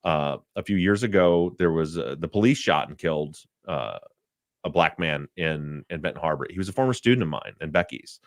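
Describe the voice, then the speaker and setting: A man hosting a casual podcast discussion, talking in a halting way, often repeating words and getting choked up. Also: a bass voice, expressive, no echo, studio quality. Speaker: podcast host.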